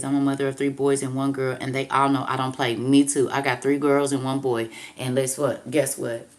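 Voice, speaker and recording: A woman in her fifties hosting a casual livestream, reading out comments and preaching firm advice with emphatic repetition. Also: rumbling low. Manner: emphatic, preachy, repeats "I'm trying to tell you".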